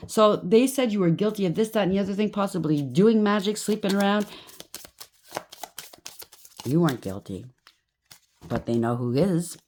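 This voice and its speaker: A woman's voice: medium pitch, lively intonation, moderate pace, long pauses, a little mellow, slight background noise. A woman giving a tarot reading to her viewers, talking straight to them and checking in with a repeated "okay?", now and then acting out what others might say. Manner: addresses viewer directly, frequent "okay?" check-ins; acts out quoted voices with sudden rises. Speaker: tarot reader.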